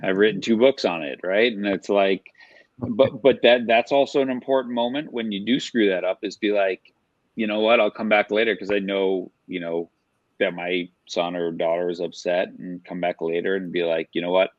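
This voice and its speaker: A middle-aged man, an author and youth sports coach, explains things earnestly and conversationally as a guest in a casual podcast interview, using examples. His low-pitched voice is steady and moderately paced. The recording is lo-fi with no room sound.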